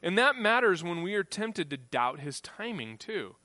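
A man preaching in a lively, conversational way, with a bright, forceful tone. He is recorded close and dry, with no room echo. He acts out the people he quotes. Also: sits high, normal speed. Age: adult, grew up on a farm family. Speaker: pastor. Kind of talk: sermon.

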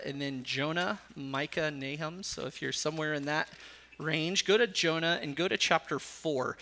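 A man's voice: on the high side, vocal fry, sharp tone. A man preaching a sermon, reading scripture aloud between teaching points and rising sharply when he voices a character's anger. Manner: rises sharply when voicing Jonah's anger. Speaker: pastor.

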